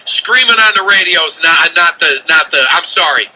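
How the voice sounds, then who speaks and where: A man hosting sports talk radio, ranting and shouting in exasperation from the studio. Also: a little high, expressive, normal speed, rough recording.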